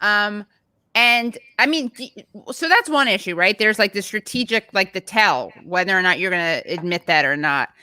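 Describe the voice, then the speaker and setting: A woman's voice: mid-range voice, animated, moderate pace, bright, forceful tone, clean tone, no room sound. A woman hosting a political show over a video call, speaking in a hesitant, searching way. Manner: hesitant, many fillers and restarts. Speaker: podcast host. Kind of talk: casual political chat.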